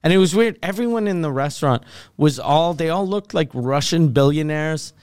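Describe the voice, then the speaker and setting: Podcast co-host, male, slightly high voice, rambling crude storyteller, dry sound. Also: lively intonation, moderate pace, darkish tone, clear, resonant tone, dry recording. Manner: rambling storyteller, swears often. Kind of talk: casual crude chat.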